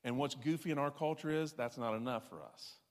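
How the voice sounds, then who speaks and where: A pastor preaches briskly in a mid-range voice, folksy and self-deprecating, driving his points home through repeated emphasis. A large hall gives the recording a long reverb.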